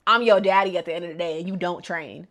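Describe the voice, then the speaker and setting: A woman's voice: fairly low pitch, fast talker, a bit bright, voice pushed down, close to an everyday voice. Woman doing an arrogant father, taunting, condescending, slangy. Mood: mocking. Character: arrogant powerful father mocking his son.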